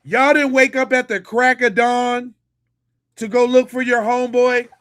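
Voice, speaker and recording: Ex-cop host man reacting to a clip, incredulous and slangy, high bright voice. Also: steady tone, measured pace. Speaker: podcast host, former police officer. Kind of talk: reaction commentary.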